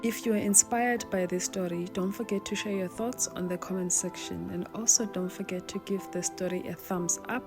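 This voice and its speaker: A woman narrating a life story in an earnest, measured storytelling manner, with a channel sign-off. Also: lowish voice, fairly even intonation. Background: music.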